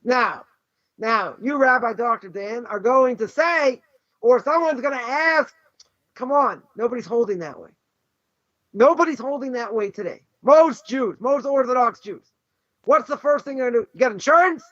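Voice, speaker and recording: A man's voice: very high voice, moderate pace, a bit bright, no room sound. Man, rabbi, emphatic lesson, rhetorical questions, dry close sound. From Boston. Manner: emphatic, rhetorical questions, frequent "right?" and "you know". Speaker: rabbi teaching a class. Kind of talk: animated Torah lesson. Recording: dull lo-fi dry recording.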